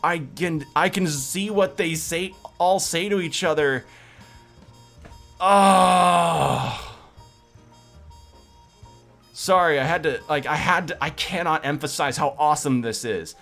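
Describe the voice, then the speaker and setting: Excitable man streaming a game. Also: fairly high pitch, normal speed, few pauses, soft background music. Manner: gushing, excitable, repeats himself. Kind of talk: casual let's-play commentary.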